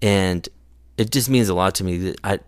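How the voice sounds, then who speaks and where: A man's voice: deep voice, moderate pace, smooth, no room sound. A man telling stories in casual chat, rambling and slangy, full of asides. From California. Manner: laid-back, rambling storyteller with slangy asides. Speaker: skate photographer guest.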